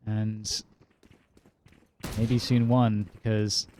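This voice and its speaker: A young man casting an esports match play-by-play, brisk and light-hearted, with self-deprecating jokes. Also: on the low side, level tone, a little mellow, a little hiss or hum. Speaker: esports caster. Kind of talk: play-by-play commentary. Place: lives in California, casting remotely from London.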